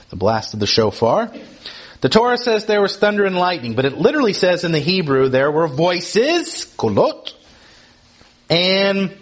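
A man giving Bible teaching, explaining a text and putting questions to his listeners. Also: medium pitch.

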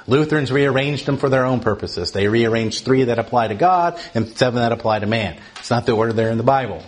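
A man giving a casual, conversational Bible lesson, often tagging his points with "right?" and rising sharply in pitch when he stresses something. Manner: animated, often asks "right?", rises in pitch for emphasis. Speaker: Bible teacher.

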